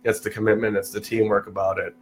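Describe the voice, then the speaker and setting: A young man, telling stories in casual chat, full of restarts and acted-out quotes. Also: fast. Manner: animated, restarts often, acts out quotes in a higher voice. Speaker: podcast guest.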